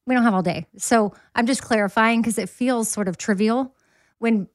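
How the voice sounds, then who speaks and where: A woman's voice: a little high, moderate pace, no room sound, studio quality. A woman hosting a podcast in casual, upbeat chat. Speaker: podcast host.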